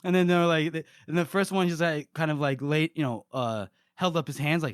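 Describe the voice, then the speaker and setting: Animated man retelling a story. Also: a little high, fairly quick, few pauses, smooth, no echo, studio quality. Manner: animated retelling, acts out the characters' lines. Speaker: podcast co-host. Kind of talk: casual chat recapping a book.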